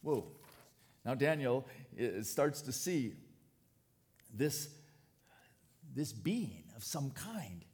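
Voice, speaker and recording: A man preaching a sermon, animated and dropping to quiet tones for emphasis. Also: mid-range voice, drawn-out words, long pauses. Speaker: pastor.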